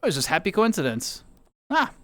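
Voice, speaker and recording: A man's voice: high voice, huge pitch swings, a little fast, a bit bright, dry recording, clean studio sound. A man streaming, chatting casually and rambling playfully to his viewers while playing a game. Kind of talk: casual chat with chat.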